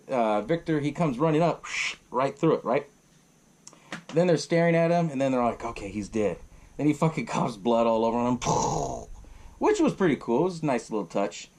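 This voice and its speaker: A man's voice: a little high, darkish tone. A young man hosting a podcast, retelling a horror film in a rambling, profane way and acting out the characters' lines. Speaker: podcast host. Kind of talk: casual movie recap.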